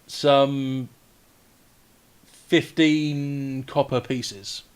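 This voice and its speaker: A man narrating as game master, relaxed, with frequent hesitations while describing the scene. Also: mid-range voice, extremely slow, clear, resonant tone.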